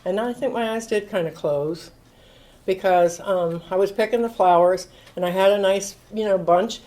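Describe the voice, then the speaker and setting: Speaking at normal speed and medium pitch, an AA speaker in her sixties shares stories at a recovery talk, captured on a low-quality recording. She performs the quotes she recounts and laughs a lot along the way.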